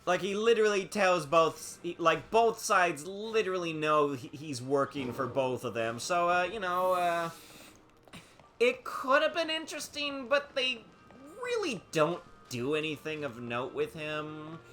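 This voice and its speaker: Lively, bright-voiced rambling streamer. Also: medium pitch, a little slow, slight background noise. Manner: rambling, laughs often. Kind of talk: casual chat while playing a game.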